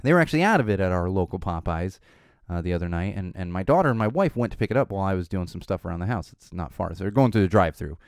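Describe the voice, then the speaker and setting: A man in his thirties talking casually about parenting, exasperated, with sudden high-pitched quotes of his young kid. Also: animated, very fast, clear, resonant tone, no echo, clean studio sound. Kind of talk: casual monologue.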